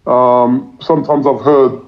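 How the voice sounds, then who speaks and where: A man's voice: mid-range voice, flat delivery, takes it slowly. A man, a cricket commentator, talking casually in an interview, rambling with repeated words and plenty of fillers. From England. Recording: dull lo-fi recording.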